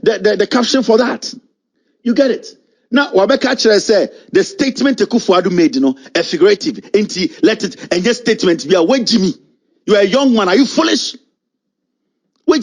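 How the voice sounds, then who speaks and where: A man with a Ghanaian accent delivers furious political commentary in a high-pitched voice. He mocks and berates, hammering each point with emphasis and slipping between English and Twi. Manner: angry, mocking and emphatic, mixing English with Twi.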